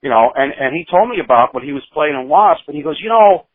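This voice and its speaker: Man in his sixties, rambling storyteller, slightly high voice, tinny phone-line sound. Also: expressive, fast talker, dry recording. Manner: rambling anecdotes with frequent restarts and acted quotes. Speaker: interview guest, musician. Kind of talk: casual storytelling. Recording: tinny phone-like audio, dry.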